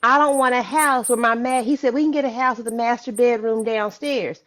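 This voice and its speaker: A woman's voice: fairly high pitch, fairly even intonation, fairly quick, a bit bright. An older woman and grandmother talking bluntly and with emphasis in a casual chat. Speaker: guest.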